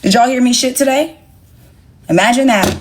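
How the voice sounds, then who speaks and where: A sassy young woman rants casually on a livestream, talking bluntly and profanely straight to her chat. Her voice is a little high and her pace moderate, with a faint hiss or hum in the recording.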